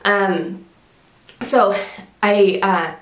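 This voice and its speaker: Slow-talking winded woman reviewing beauty products. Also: medium pitch, echoey room. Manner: chatty, lots of fillers and restarts. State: a little winded. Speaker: beauty vlogger.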